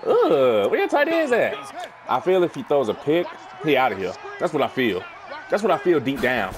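A young man gives loud, playful trash talk while playing a football video game. His voice sits high and swings wildly between low mutters and excited shouts. Game crowd noise roars behind him. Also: a little fast. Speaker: gaming YouTuber. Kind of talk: live gameplay commentary.

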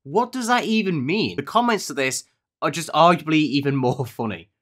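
A man's voice: fairly high pitch, a little slow, a bit bright, soft background music. Sarcastic young man mocking clips. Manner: sarcastic, mocking, rhetorical questions. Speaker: commentary youtuber. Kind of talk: comedic reaction commentary.

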